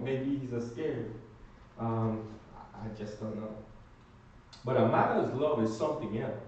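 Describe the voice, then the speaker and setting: Man, Bible class teacher, unhurried and emphatic, asks the room to fill in the blanks; boomy room, distant mic. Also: animated, a little mellow, a little hiss or hum. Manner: prompts the class to finish his sentences; slow, emphatic delivery. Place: church classroom. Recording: echoey room from far off, dull.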